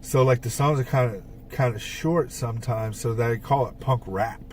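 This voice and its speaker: A man's voice: medium pitch, moderate pace, darkish tone. A man chats casually on a podcast, wandering through his stories with plenty of "uh" and "like" and the odd curse word. He sits a little back from the microphone, so his voice sounds distant. A faint hiss runs under the whole recording. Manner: rambling storyteller with frequent fillers and swearing. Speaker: podcast co-host and band songwriter. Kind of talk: casual chat.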